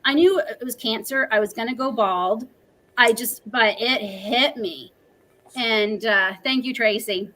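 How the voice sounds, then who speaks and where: A woman's voice: fairly high pitch, measured pace, pushed and bright, slight background noise, poor audio. A woman in her forties, a livestream guest, telling a personal story in an earnest, emotional, talkative way.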